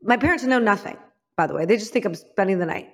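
A woman from Illinois recounts her past as an interview guest, speaking candidly and with emphasis. Her voice sits at an ordinary middle pitch. She goes quiet and low when the memories turn painful. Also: animated, quick pace. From Illinois, United States. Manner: frank and emphatic, drops to a hushed voice for painful memories. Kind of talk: candid personal storytelling.

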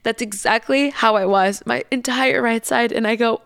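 A woman's voice: fairly high pitch, normal speed, gravelly, hardly any pauses, a bit bright, clean tone, no echo, clean studio sound. A young woman telling a candid story in a casual, chatty way, swearing and laughing as she goes.

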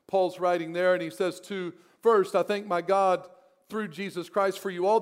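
Man pastor, high voice, sermon delivery, emphatic repetition. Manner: lively preaching, swings between soft prayer and emphatic repetition.

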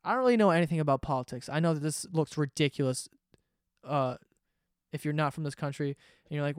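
A man's voice: on the high side, fairly quick, smooth, no echo, studio quality. A man ranting sarcastically and swearing freely in a casual comedic monologue, host of his own podcast.

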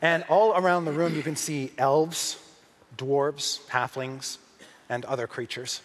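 A man running a tabletop game as dungeon master, describing scenes in a relaxed way with many fillers. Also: a little high, a little slow, in a large hall, slight background noise.

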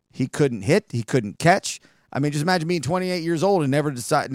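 Podcast host, man, gravelly voice, dry close sound, chatty rambling storyteller. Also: fairly high pitch, dry recording. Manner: rambling, conversational, frequent asides. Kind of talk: casual storytelling monologue.

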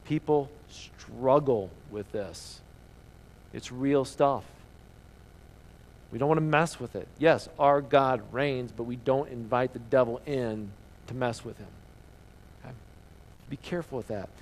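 A man preaching a sermon as pastor, earnest, asking the listeners questions and dropping to a hushed voice for emphasis. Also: medium pitch, a little slow, pauses often, a little hiss or hum, rough recording.

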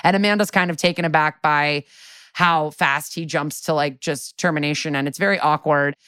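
A woman's voice: deep voice, steady tone, moderate pace, fairly bright tone, clear, resonant tone, no echo, studio quality. A woman co-hosting a podcast, casually recapping a TV episode in a chatty way, laughing often, swearing, and quoting characters in her own voice. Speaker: podcast co-host.

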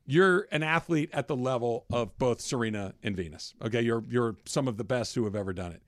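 A man's voice: mid-range voice, fairly quick, dry recording, clean studio sound. Man hosting a sports radio show. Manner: chatty, reads daily trivia, rambles with restarts. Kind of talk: casual sports talk.

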